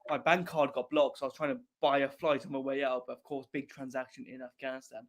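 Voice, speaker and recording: A man's voice: mid-range voice, little pitch movement, quick pace. A man from Wales, telling a long travel story in casual podcast chat, laughing often and swearing freely. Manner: laughing, rambling anecdote with crude slang.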